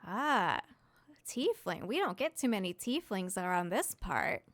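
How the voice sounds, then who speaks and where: A woman playing a tired old-hand innkeeper, gossipy, blunt, mid pitch, dry close sound. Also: sing-song, unhurried, fairly bright tone, no room sound. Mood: chatty. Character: weary chatty male innkeeper, former adventurer.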